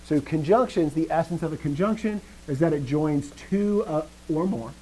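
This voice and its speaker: A man teaching a live grammar lesson, explaining step by step, often answering students with quick affirmations and dry joking asides. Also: on the high side, warm tone, a little hiss or hum, low-quality recording. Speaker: language teacher.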